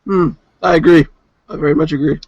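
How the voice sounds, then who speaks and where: A man's voice: on the high side, steady tone, fairly quick, a little mellow, dry recording, dull audio. A man co-hosting a casual gaming podcast, laid-back and teasing, mostly answering in short dry remarks. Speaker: podcast co-host.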